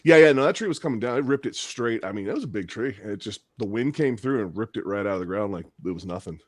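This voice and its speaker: Lively, animated man telling stories. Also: lowish voice, fast talker, no echo, clean studio sound. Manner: animated storyteller, swears freely. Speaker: podcast co-host. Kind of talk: casual podcast chat.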